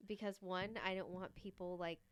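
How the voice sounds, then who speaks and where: Casual woman podcaster, lower voice. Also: steady tone, normal speed, smooth. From Alaska. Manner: casual, drops to a hushed murmur at times. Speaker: podcast co-host. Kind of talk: casual chat.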